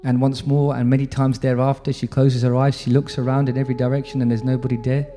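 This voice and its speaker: A man's voice: mid-range voice, level tone, fast talker, warm tone. A man preaching a devotional sermon, telling a sacred story in a reverent, intimate way. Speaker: religious teacher. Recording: faint music under reverberant room.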